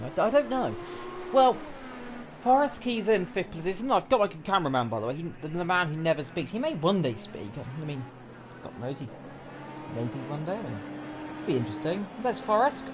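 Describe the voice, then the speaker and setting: A man calls an online race in a playful, rambling way, poking fun at himself as he goes. His voice is a little high and swings widely in pitch. Engine noise runs clearly underneath him. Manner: jokey, rambling, self-mocking. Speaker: league race commentator. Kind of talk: playful sim racing commentary. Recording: noisy with car sounds behind.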